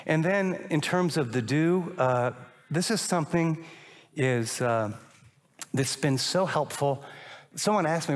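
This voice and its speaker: An older man preaching a sermon as a pastor, animated and acting out little dialogues. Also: on the high side, slow pace. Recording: long reverb of a large hall.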